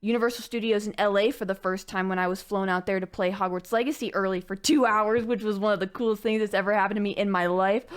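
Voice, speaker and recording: A woman's voice: mid-range voice, smooth. A young woman unboxing birthday gifts on her vlog, gushing thanks and tossing in jokey asides. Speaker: gaming YouTuber unboxing gifts. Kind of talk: casual vlog chat.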